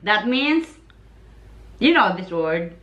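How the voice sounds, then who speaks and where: Filipino woman, lively pitch, slow. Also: highs cut off. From Philippines. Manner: patient, laughs often, drills sounds. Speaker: wife teaching Tagalog. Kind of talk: casual home language lesson.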